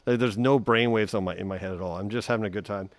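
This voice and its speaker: A man giving a relaxed, chatty guitar lesson on a live stream, humming note sounds as he explains. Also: fairly low pitch, fast, dry recording. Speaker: guitar teacher.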